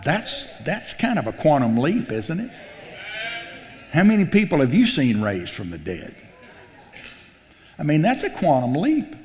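A pastor preaching a sermon, telling the story in a folksy, animated way, acting out the quotes and often restarting his sentences. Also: on the high side, a little slow, pauses often. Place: church sanctuary. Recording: long hall reverb.

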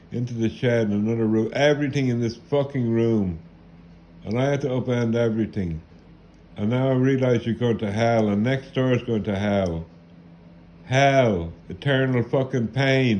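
A man's voice: medium pitch, dark tone. A middle-aged Irish man in an angry, rambling rant, repeating curses and bitter swearing. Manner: bitter, profane, repetitive cursing. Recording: dull lo-fi with faint hiss.

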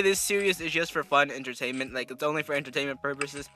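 A gaming YouTuber rambling casually through their commentary, self-deprecating and trailing off quietly. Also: medium pitch, fast, no room sound.

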